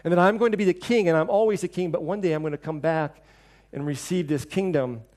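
A middle-aged man preaching a sermon, telling stories and acting out quoted voices with lively shifts. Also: quick pace. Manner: storytelling, acts out quoted voices with lively shifts in pitch and level. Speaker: pastor.

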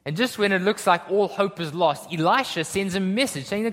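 A man's voice: high-pitched, animated, normal speed, few pauses, fairly bright tone. A man preaching a sermon in a conversational way, often checking in with his listeners. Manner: conversational, checks in with "okay?" and "right?". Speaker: pastor. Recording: long hall reverb.

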